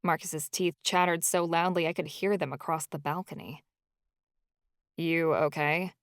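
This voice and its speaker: A woman narrates a first-person audiobook in a storytelling delivery. Her voice sits a little low. The recording is dry and close, with no room sound. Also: fairly even intonation, moderate pace, no echo.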